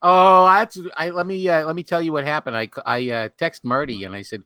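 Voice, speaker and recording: A man in a casual comedy chat, telling a short story in a deadpan way. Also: a little high, brisk, hardly any pauses, clean tone, dry recording.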